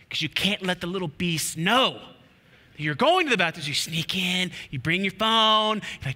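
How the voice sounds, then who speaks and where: A man preaching a sermon as a pastor, animated and repetitive, with playful asides to the congregation. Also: high-pitched, normal speed. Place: church auditorium. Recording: long hall reverb.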